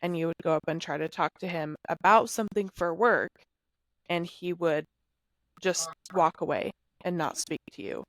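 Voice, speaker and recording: A woman podcast host calmly recaps the guest's account and then asks her a question. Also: on the low side, no room sound, poor audio. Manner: measured, recaps the guest's story before asking. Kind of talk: interview question.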